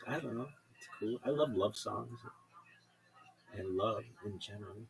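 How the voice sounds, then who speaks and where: A man's voice: on the low side, a little slow, vocal fry, poor audio. A man telling offhand stories in a casual, rambling way, now and then swearing.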